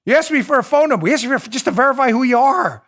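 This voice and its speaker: A man with a high-pitched voice hosts a political talk show. He talks in an indignant, sarcastic monologue and presses his points with repeated rhetorical questions. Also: lively intonation, racing, a bit bright. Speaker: host.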